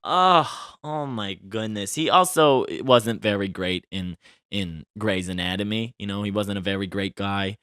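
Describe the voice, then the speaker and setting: A male podcast host with a bright, forceful voice, gossiping casually and expressively. He is close to the mic in a dry, dead room and keeps tossing in little tag questions. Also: on the low side, normal speed, clear, resonant tone, dry recording. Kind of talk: casual celebrity gossip chat.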